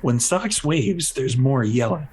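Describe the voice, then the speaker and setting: A man narrating a tabletop game as game master, in loose, halting description with many fillers. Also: medium pitch, animated, a little mellow, husky, poor audio.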